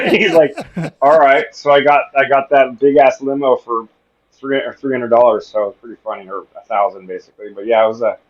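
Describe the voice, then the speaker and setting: Medium-pitched and brisk, this man comes through with lo-fi sound. As a guest on a podcast, he tells funny stories in an easygoing way, animatedly performing the dialogue and laughing frequently.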